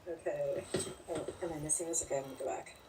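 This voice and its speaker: A woman's voice: sits low, steady tone, quick pace. A woman in her forties chatting casually on a live stream, blunt and rambling, swearing freely as she answers viewer comments. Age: 40s. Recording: distant mic with faint background noise.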